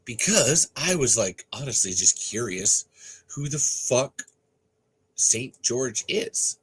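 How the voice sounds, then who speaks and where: Husky rambling livestream host. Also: male voice, mid-range voice, sing-song, slow pace, fairly bright tone, rough recording. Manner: rambling, swearing, laughing, many restarts. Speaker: podcast host. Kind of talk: casual livestream chat.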